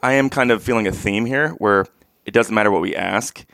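A man's voice: on the low side, brisk, gravelly, fairly bright tone, no echo, clean studio sound. A man hosting an interview in casual chat, friendly and laughing along with his guest. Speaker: podcast host.

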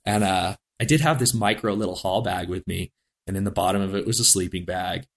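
A man's voice: low voice, brisk. A man, a guest on an interview show, telling a story in a casual, rambling way and laughing often. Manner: rambling, laughing, acts out quoted lines.

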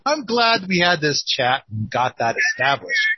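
A man's voice: a little high, big pitch swings, moderate pace, highs cut off, crowd noise. A man hosting a casual call-in chat, speaking in a playful, teasing way. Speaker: host.

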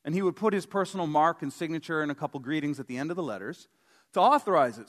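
Conversational male pastor, slightly high voice. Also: lively intonation, quick pace. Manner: conversational and joking, with emphatic stresses. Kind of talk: sermon.

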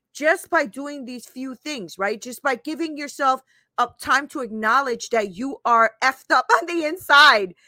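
Woman host, life coach on a live stream; candid, laughing, swears casually; bright, dry close sound. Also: high voice, no echo. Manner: candid, swears casually, laughs often, quotes her own inner voice. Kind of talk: live motivational talk.

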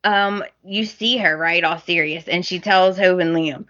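Slow-talking woman podcast co-host. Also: on the low side, a bit bright, dull audio. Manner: unhurried, exasperated, storytelling recaps. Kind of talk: casual chat recapping a soap opera.

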